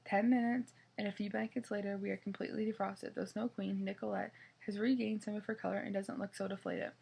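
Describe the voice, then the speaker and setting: A woman's voice: medium pitch, little pitch movement, a little fast, creaky, a little mellow, breathy edge. A woman reading a children's novel aloud in the first person, with small slips and restarts. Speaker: reader.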